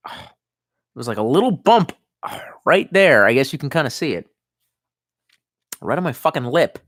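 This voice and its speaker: A man's voice: medium pitch, big pitch swings, normal speed, a bit bright, no echo, studio quality. Tipsy profane man rambling on stream. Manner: rambling, profane, reads chat aloud. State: tipsy from wine. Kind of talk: casual live-stream chat.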